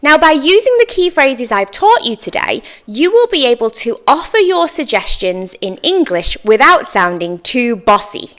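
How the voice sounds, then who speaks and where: A woman teaching an English lesson, speaking slowly and clearly with encouraging praise and exaggerated intonation for learners to repeat. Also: high voice, very animated, fairly bright tone.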